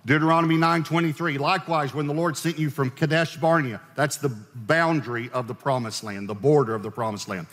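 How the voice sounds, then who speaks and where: A man's voice: on the high side, fairly quick, hardly any pauses, fairly bright tone, long reverb tail. A male pastor preaching a sermon in a conversational way, asking his congregation questions as he goes.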